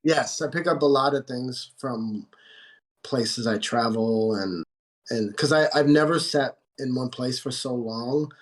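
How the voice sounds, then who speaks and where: A man from the United States, a tattoo artist guest in a casual podcast chat, relaxed and candid, sometimes searching for words. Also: mid-range voice, unhurried.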